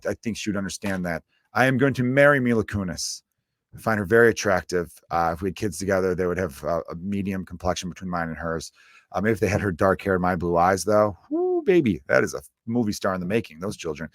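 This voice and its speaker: A man's voice: fairly low pitch, a bit bright, no echo, studio quality. A man from the United States hosting his own comedy podcast, rambling through a casual rant with loose, profane, self-mocking asides. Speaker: stand-up comedian podcast host.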